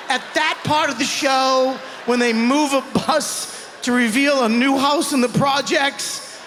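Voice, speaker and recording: A young man performing a stand-up set on stage, animated, shouting punchlines and acting out voices. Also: extremely high pitch, unhurried, a little hiss or hum. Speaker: stand-up comedian. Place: comedy club stage before a live audience. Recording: live stage audio with long hall reverb.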